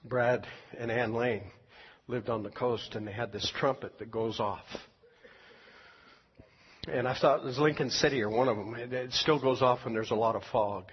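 Husky male pastor, dull church recording. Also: medium pitch, moderate pace. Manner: animated storyteller who laughs at his own tale, then soft pleading invitation. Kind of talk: sermon with humorous story and altar call. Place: church service.

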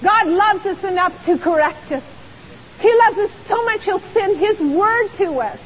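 High-voiced woman preaching a sermon. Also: normal speed. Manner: emphatic, rhetorical questions. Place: church. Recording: dull lo-fi recording with long hall reverb and faint hiss.

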